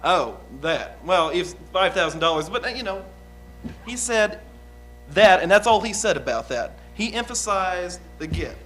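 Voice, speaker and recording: A blunt young outlaw witness with no schooling rambles through his answers in a folksy, halting way, as a man plays him. His voice sits high and sounds bright and forward, with faint music underneath. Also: animated. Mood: guarded. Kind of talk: improvised courtroom drama.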